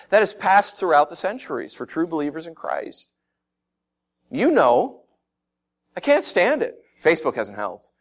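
Animated male pastor preaching. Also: on the high side. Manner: animated, acts out mocking voices, laughs often. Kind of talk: sermon.

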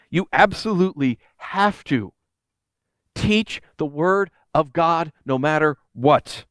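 High-voiced man preaching conversationally. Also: no echo. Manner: animated storytelling, voices quotes. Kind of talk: conversational sermon.

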